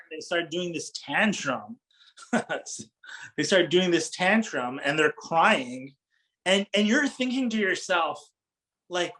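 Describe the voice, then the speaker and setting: Middle-aged male preacher, fairly high voice, informal, asks the crowd questions. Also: expressive, a little slow, a bit bright, low-quality recording. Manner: engaging, asks the audience questions, laughs lightly. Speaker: Islamic preacher. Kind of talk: conversational religious talk to an audience.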